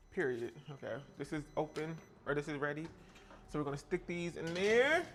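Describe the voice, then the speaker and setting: A man's voice: on the high side, fairly quick, a bit bright, soft background music. A man from South Carolina, chatting playfully and sassily with viewers while baking live in his kitchen. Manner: chatty, playful, reacts to chat with sassy exclamations. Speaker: live-stream baking host. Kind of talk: casual live-stream chat while baking. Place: home kitchen.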